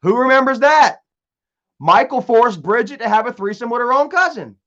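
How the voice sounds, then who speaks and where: Young guy streaming, kinda high voice, rambly, keeps restarting, muffled lo-fi audio. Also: lively intonation, moderate pace, a bit bright. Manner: rambling, repetitive, stumbles and restarts, reads out viewer comments. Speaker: live streamer reading chat. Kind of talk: casual live stream chat.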